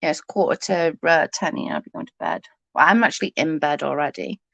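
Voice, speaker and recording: A woman's voice: low voice, sing-song, brisk, vocal fry, a bit bright, no echo. Woman chatting and swearing on a dry livestream. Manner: chatty, rambling and swears freely. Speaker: livestream host chatting with viewers. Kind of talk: casual late-night livestream chat. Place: in bed at home at night.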